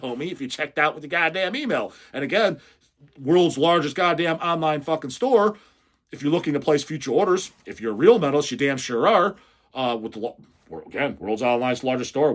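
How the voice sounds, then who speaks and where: A man's voice: medium pitch, slightly rough. A man hosting a metal channel, reading out viewer questions and answering them in a blunt, mocking, heavily profane rant. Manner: swears constantly, mocking and blunt.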